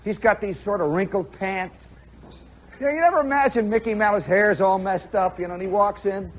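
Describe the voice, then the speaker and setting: A man from the Chicago area spins a long story on live radio, his fairly high voice swooping up and down as he talks. He keeps tossing in "see?" and "you know" to pull the listener along. The sound is a dull, muffled 1960s broadcast with a faint hiss underneath. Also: breathy edge. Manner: animated, conversational, full of "see?" and "you know" asides.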